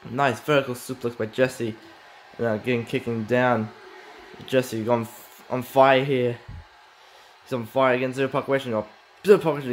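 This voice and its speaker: A young man doing excitable, halting play-by-play commentary for a wrestling video game match, his voice jumping up at big moves. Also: medium pitch. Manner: halting, with many restarts and "oh my god".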